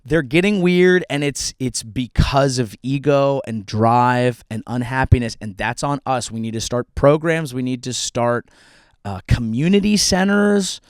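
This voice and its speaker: Comedian guy ranting into a podcast mic, kinda high and gravelly, dry sound, swears a lot. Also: no echo. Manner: profane, jumps into shrill yelling. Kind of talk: comedic rant.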